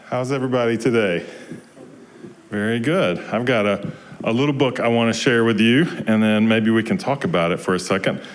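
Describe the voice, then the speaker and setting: A man from Georgia in the US, a minister leading a children's story time in a service, who talks gently and keeps asking the children questions. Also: lowish voice, brisk, slight background noise. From Georgia, USA. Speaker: guest minister.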